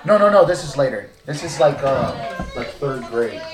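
A woman's voice: extremely low pitch, animated, moderate pace, echoey room, low-quality recording. A woman on a podcast telling a story in a loose, swearing way. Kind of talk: casual podcast chat.

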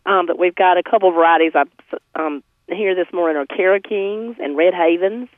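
A woman with a slightly hoarse voice, cheerfully reporting by phone on a farmers market, listing produce with lots of ums. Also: fairly low pitch, moderate pace, no echo. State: slightly hoarse, recovering from laryngitis. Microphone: phone call. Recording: tinny phone line.

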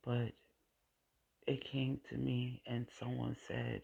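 A woman's voice: extremely low pitch, little pitch movement, slow pace, creaky, pauses often, dark tone, slightly rough, dull audio. A woman sharing a personal faith testimony in a vlog. She repeats phrases for emphasis and sometimes drifts into a whisper. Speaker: vlogger sharing her faith.

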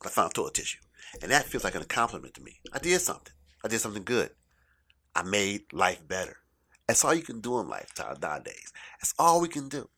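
A middle-aged man telling a stand-up comedy story in an animated, profane way, swinging between loud bursts and quiet asides. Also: on the low side, a little fast, slightly rough.

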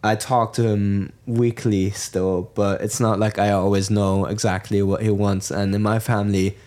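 A young German man co-hosts a podcast, rambling through casual chat with lots of restarts and fillers. His lowish, slightly mellow voice has little pitch movement and runs at a normal speed.

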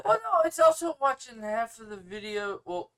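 A man's voice: extremely high pitch, moderate pace, clear, resonant tone. Stuffy-nosed man ranting on a podcast. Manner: animated, opinionated ranting with sarcasm. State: stuffy nose. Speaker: podcast co-host. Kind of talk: casual podcast banter.

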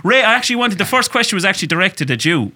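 A man's voice: high-pitched, big pitch swings, fast, pushed and bright. An Irish man co-hosting a podcast, telling stories in a loose, sweary, laughing way. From Ireland. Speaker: podcast co-host. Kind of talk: casual podcast chat.

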